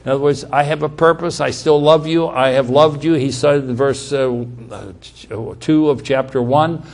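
A man preaching a sermon. He repeats key words for emphasis, restarts his sentences, and swings between loud emphatic passages and quiet asides. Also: mid-range voice, a little slow.

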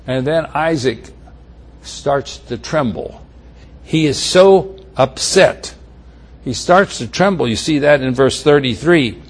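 A man preaching a sermon, teaching through a Bible passage and acting out its characters with big swings in pitch and loudness. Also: animated, slow pace.

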